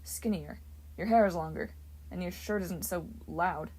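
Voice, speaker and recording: A woman voicing a wisecracking teenage boy with dry, deadpan quips. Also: lowish voice, a little slow, slightly rough. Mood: wry. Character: teenage demigod boy, sarcastic and joking.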